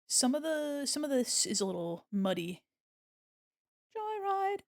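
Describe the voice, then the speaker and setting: A woman livestreaming as she draws, chatting casually to her viewers and narrating her own work. Her voice sits a little high and carries a gravelly fry, and she takes her time, breaking into silly asides and laughter. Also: expressive, a little slow. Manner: chatty and jokey, talking to herself while working. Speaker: streamer. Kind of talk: casual chat while drawing on a livestream.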